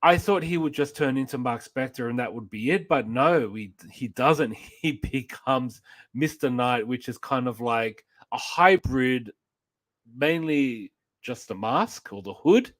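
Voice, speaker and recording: A man's voice: mid-range voice, animated, unhurried, no echo. A man co-hosting a live show, chatting casually and gushing with praise about a series. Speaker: co-host. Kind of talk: casual pop-culture chat.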